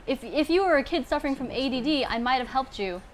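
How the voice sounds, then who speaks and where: A young woman hosting a live panel webcast from a studio, reeling off quick, jokey introductions and laughing often. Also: high voice, expressive, a little hiss or hum. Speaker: show host.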